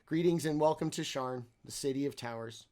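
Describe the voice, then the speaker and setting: A man's voice: medium pitch, brisk, darkish tone, natural voice. Man doing a robot greeter construct, stiff recorded-sounding announcement, tabletop game. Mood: announcing. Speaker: game master.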